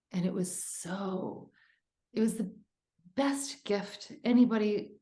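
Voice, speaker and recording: A woman's voice: fairly low pitch, darkish tone, roomy sound. A woman author as a podcast guest, telling a personal story in an earnest, emotional, rambling way.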